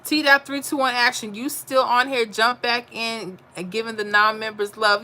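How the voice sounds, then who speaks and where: Woman host, chatty, bright tone, answers chat on her live stream. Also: fairly high pitch, fairly even intonation, normal speed, hardly any pauses. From Florida. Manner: chatty, reads viewer comments aloud and answers them. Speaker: livestream host reading chat. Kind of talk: casual livestream chat.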